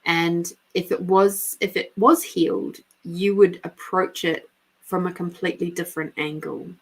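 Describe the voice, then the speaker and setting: Aussie woman doing a casual spiritual reading, kinda low voice, blunt, swears a lot. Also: little pitch movement, a little slow, slightly rough. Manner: frank, swears freely, laughs often. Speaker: intuitive reader and podcast host. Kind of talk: casual spiritual guidance talk.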